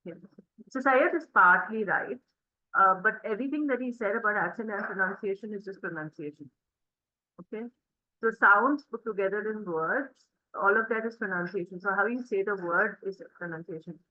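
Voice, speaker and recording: A woman's voice: mid-range voice, normal speed, no echo, muffled recording. A woman teaching an interactive spoken English class, explaining patiently and encouraging her students. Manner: encouraging, explanatory, many fillers.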